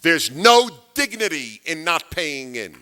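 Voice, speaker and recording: A man's voice: on the high side, very animated, takes it slowly, sharp tone. A man giving a political lecture to an audience, emphatic and fond of rhetorical questions, repeating key phrases for weight. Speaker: speaker giving a talk.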